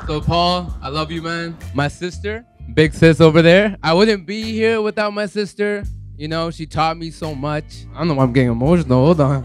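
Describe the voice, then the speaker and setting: Young groom, halting heartfelt speech. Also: male voice, on the high side. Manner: halting, joking, chokes up, self-deprecating. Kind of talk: emotional wedding speech. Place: large reception hall.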